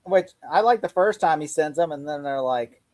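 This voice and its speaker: A man's voice: on the high side, animated, moderate pace, a little mellow, no echo. A man co-hosting a casual podcast chat, laughing often and swearing while acting out lines from a scene. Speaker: podcast co-host.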